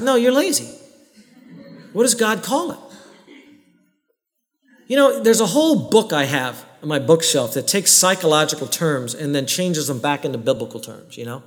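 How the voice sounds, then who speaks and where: A pastor giving a sermon in earnest, direct tones. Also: male voice, sits high, big pitch swings, moderate pace, long pauses. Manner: earnest, direct preaching with voiced prayers and quoted excuses. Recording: long hall reverb.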